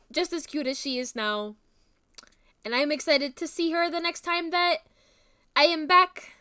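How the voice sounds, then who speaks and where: A woman's voice: sits high, pushed and bright. A young woman streamer gushing and rambling with fillers in casual stream chat.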